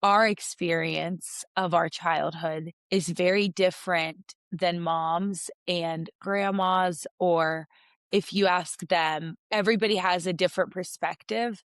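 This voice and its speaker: A woman's voice: on the low side, a bit bright, no echo. A woman from Russia co-hosting a podcast, talking in a reflective, heartfelt way in long flowing sentences. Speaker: podcast co-host. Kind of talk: casual podcast chat.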